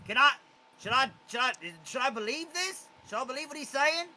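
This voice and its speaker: A man voicing a charmed male goblin guard who is slow-witted, eager and easily confused. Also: extremely high pitch, lively intonation, noisy background, voice pushed up.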